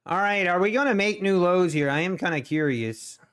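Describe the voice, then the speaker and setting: A man's voice: sits high, expressive, a little fast, fairly bright tone, clear, resonant tone. A man in his thirties with a Pennsylvania Dutch accent, rambling and thinking aloud while commenting on his live trading. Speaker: day trader streamer.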